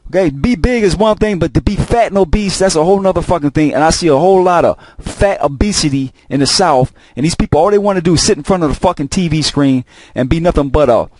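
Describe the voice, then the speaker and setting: Man, rambling profane monologue, repeats himself, slightly high voice, dry close recording. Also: fast, few pauses, darkish tone, dry recording. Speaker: host of a video channel.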